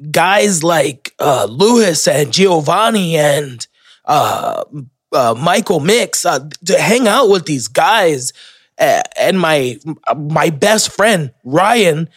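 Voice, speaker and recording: On his casual solo podcast, a young host from Florida rambles through swear-filled stories, frequently interrupting and restarting himself. His delivery is slow and a little high, recorded close and dry on the mic with no echo.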